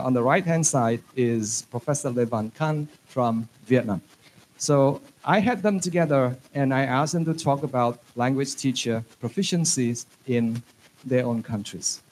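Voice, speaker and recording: A man's voice: medium pitch, expressive, normal speed, a little mellow, slight background noise. A man giving a conference lecture to teachers, chatty and joking, dropping in phrases. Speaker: conference speaker on English teaching. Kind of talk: lecture to an audience.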